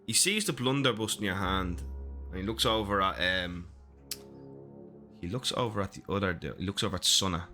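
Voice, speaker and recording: A man narrating a tabletop game as game master in a casual, halting way with many fillers. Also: low-pitched, expressive, sharp tone, faint music behind.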